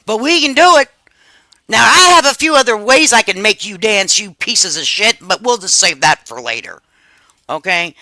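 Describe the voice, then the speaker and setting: Brief: angry woman streamer, middle-aged, swears a lot, bright voice, dry close sound. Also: medium pitch, lively intonation, normal speed, dry recording. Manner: furious, profane, emphatic. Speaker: live stream host. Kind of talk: angry commentary rant.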